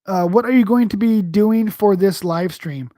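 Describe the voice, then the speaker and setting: A man's voice: sits high, moderate pace, mellow, dry recording, studio quality. A man from New York hosting a live stream, chatting casually and answering chat in a rambling, profane, slangy way. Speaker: livestream host.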